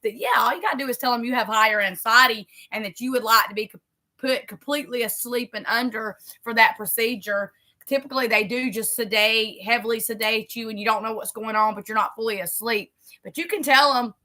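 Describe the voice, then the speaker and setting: A woman's voice: fairly high pitch, a little fast, bright, forceful tone. A middle-aged woman, chatting casually and rambling as she decorates a planner for her vlog. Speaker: vlogger.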